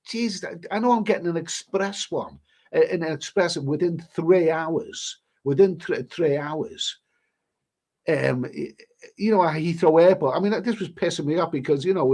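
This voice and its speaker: A man's voice: fairly high pitch, darkish tone. A middle-aged man with a British accent chatting casually on a livestream, rambling with restarts and mild swearing. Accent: British English. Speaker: travel vlogger hosting a livestream. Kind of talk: casual livestream chat reading viewer messages.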